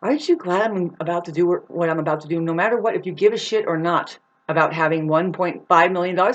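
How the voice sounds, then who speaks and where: A woman talking straight to camera in a rambling, profane monologue, restless and jumping between thoughts with sudden loud outbursts. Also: fairly low pitch, fast, hardly any pauses, highs cut off. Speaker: vlogger. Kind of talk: rambling stream-of-consciousness monologue.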